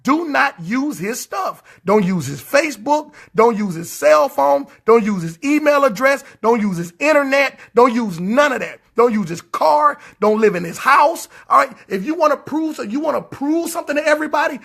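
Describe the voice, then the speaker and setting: A man's voice: very high-pitched, expressive, moderate pace, creaky, hardly any pauses, fairly bright tone. A man preaching a livestreamed sermon in a fiery, repetitive, scolding way, stretching words out for emphasis.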